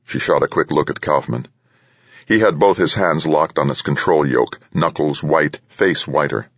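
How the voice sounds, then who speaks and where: A man narrating an audiobook thriller in a steady, dramatic reading. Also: very deep voice, moderate pace, breathy edge, dry recording. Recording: dull, dry studio read.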